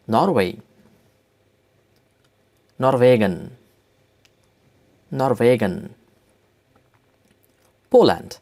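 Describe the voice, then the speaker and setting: A male teacher walks learners through vocabulary at an unhurried pace, repeating each word several times. His voice has a gravelly fry to it. His pitch rises and falls a lot. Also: sing-song, a little mellow. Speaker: language teacher. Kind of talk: slow spoken language lesson.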